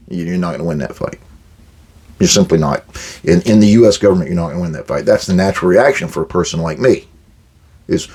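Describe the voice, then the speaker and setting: A man's voice: low voice, expressive, brisk, pauses often, darkish tone, husky. An older man hosting a management advice talk, blunt and direct, acting out quoted exchanges with workers. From United States. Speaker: podcast host giving management advice.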